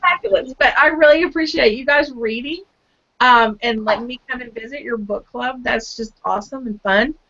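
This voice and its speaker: A woman's voice: on the high side, moderate pace, pushed and bright. A woman author chatting on a video call, bubbly and self-deprecating, laughing easily. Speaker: guest author. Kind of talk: casual online chat. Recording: slightly muffled video call audio.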